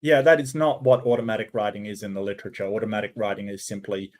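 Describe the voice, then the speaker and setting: A man's voice: fairly low pitch, steady tone, fast talker. An Australian man hosting a reaction commentary, talking in a sarcastic, mocking way. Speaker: commentary host.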